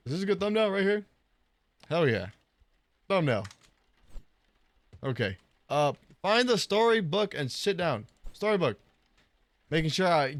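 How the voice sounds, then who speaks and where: A man giving casual, excitable let's-play commentary, laughing often and cooing at a game baby in a higher voice. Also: dry recording. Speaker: gaming YouTuber.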